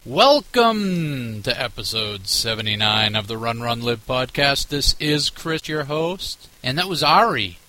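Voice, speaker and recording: A man's voice: mid-range voice, sing-song, unhurried, few pauses, sharp tone, a little hiss or hum, low-quality recording. A man hosting his running podcast in a chatty, teasing, rambling way. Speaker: podcast host. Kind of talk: casual podcast chat.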